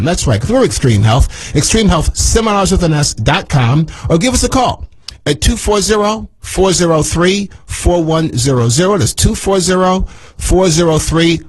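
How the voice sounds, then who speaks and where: Husky-voiced energetic male radio host. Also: poor audio. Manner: emphatic, repeats phrases like a sales pitch. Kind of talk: radio talk show hosting.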